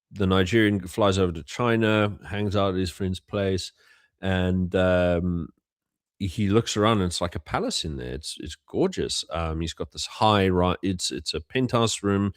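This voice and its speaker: A man's voice: low-pitched, clean tone, no echo, clean studio sound. A young man from South Africa, hosting a casual livestream and telling stories with many fillers and restarts. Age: young adult. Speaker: host.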